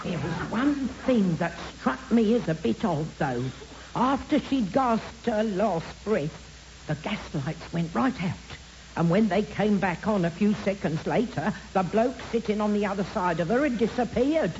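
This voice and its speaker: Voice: mid-range voice, lively intonation, measured pace, a little mellow. A performer voicing a blunt, cheeky Victorian housekeeper in a comic radio play. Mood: gossipy. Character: blunt working-class Victorian housekeeper, woman, middle-aged. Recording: dull lo-fi recording with hiss.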